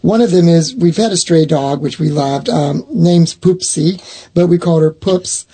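A middle-aged man telling a long personal story in casual talk, rambling and restarting his sentences, with a husky voice. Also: a little high, moderate pace, dark tone. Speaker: owner of a haunted box, guest.

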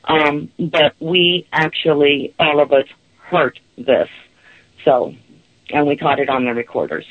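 A woman's voice: deep voice, unhurried, dry recording, narrow, tinny audio. A woman caller telling a personal story in a rambling way, with nervous laughs.

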